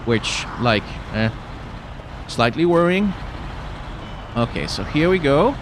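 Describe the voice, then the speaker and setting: A man's voice: mid-range voice, very animated, takes it slowly, background noise. A man with a light Danish accent giving casual gameplay commentary, thinking aloud and reading tutorial text as he goes. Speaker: YouTuber playing a driving game.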